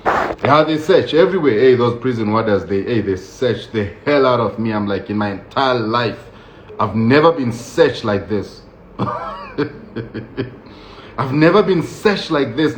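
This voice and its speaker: A man casually recounting a personal story in a lively, laughing way, acting out what others said, with many fillers. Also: medium pitch. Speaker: vlogger recounting his prison experience. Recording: dull, roomy recording with faint noise.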